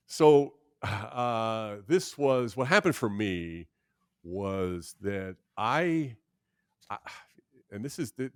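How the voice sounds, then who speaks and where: A man's voice: on the low side, dry recording, clean studio sound. A man in his sixties, a guest in a candid interview, telling stories animatedly with frequent restarts and putting on voices for the people he quotes. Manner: halting, with many restarts. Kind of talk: candid storytelling conversation.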